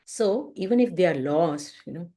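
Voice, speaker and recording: A woman's voice: on the low side, animated, moderate pace, dark tone. A woman with an Indian accent giving a devotional class online, telling stories and acting out voices with lots of "you know" fillers. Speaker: spiritual class teacher. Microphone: video call.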